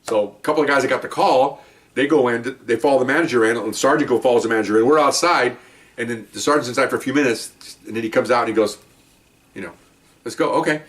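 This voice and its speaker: Man, ex-cop storyteller, animated, voices the people in his stories, a bit off-mic. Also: medium pitch, fast, distant mic. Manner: animated, acts out quotes with rising voice. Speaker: retired police officer telling stories. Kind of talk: casual storytelling.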